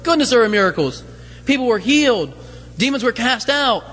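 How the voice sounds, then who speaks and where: A man's voice: extremely high pitch, big pitch swings, moderate pace, sharp tone, faint music behind. A man preaching a sermon as pastor, conversational, full of rhetorical questions and light humorous asides. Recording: long hall reverb.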